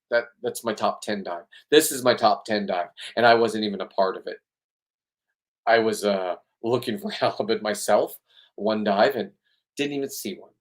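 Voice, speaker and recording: Heated, profane middle-aged man ranting. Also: lowish voice. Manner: heated, profane, repeats himself. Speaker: spearfishing boat captain and vlogger. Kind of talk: rambling emotional monologue.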